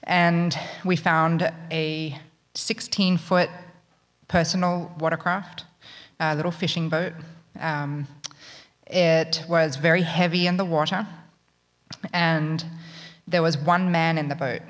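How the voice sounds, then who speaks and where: A woman's voice: deep voice, steady tone, takes it slowly, pauses often. A woman from Australia with an Australian accent, telling a wry, humorous true story in a conversational way. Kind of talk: live spoken storytelling. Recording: long reverb of a large hall.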